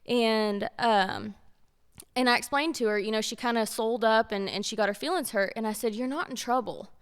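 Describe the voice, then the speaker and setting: On a casual faith-based talk show, a female co-host shares stories with earnest conviction, repeating points to drive them home. Her clean-toned voice is a little high, with fairly even intonation and a moderate pace.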